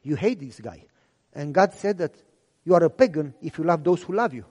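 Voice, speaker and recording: A man preacher plays his wife, earnest and steady as she presses her advice in an insistent tone. Her pitch moves freely, and the voice carries a large-hall echo. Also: a little fast, husky.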